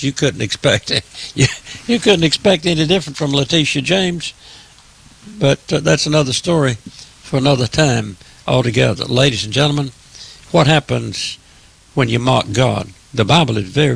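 Gravelly emphatic preacher-commentator man. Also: mid-range voice, a bit bright. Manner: emphatic, repetitive, preacherly address.

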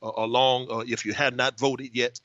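An older man, a pastor, speaking earnestly as a talk show guest with frequent pauses on uh. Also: mid-range voice, level tone, a bit bright, no room sound. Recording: dull lo-fi sound.

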